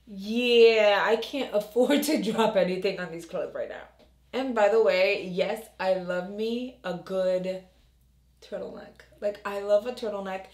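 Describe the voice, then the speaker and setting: A woman beauty vlogger in a casual, chatty makeup tutorial, talking to the camera in her low morning voice and joking about herself. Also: echoey room. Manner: chatty, self-deprecating, talks to the camera.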